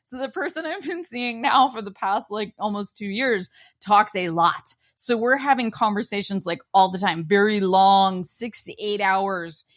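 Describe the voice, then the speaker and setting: A woman's voice: mid-range voice, measured pace, hardly any pauses. A woman hosting a podcast, telling personal stories in a chatty way and laughing as she goes. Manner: chatty, laughs through anecdotes. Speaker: podcast host. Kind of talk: casual podcast conversation.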